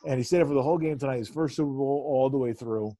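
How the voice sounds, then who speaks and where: A man in his thirties co-hosting a casual sports chat, rambling and animated, swearing freely and laughing often. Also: medium pitch, very fast, slight background noise. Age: 30s. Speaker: podcast co-host.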